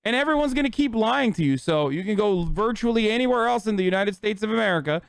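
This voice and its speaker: A man in his thirties rants angrily into a close, dry mic, with a fairly high voice for a man. He swears constantly and pushes hard at his audience. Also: animated, quick pace, gravelly, clear, resonant tone, no room sound. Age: 30s. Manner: angry, profane rant. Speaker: streamer. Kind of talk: heated political commentary.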